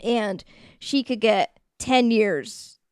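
A woman co-hosting a podcast, casually recapping a film with quick mock voices for its characters. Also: on the high side, clean tone, no room sound, clean studio sound. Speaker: podcast co-host. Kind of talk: casual movie recap chat.

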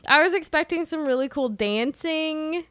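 A woman's voice: sits high, moderate pace, a bit bright, no room sound, studio quality. A woman co-hosting a film podcast in a casual chat, playful and snarky, laughing a lot. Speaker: podcast co-host.

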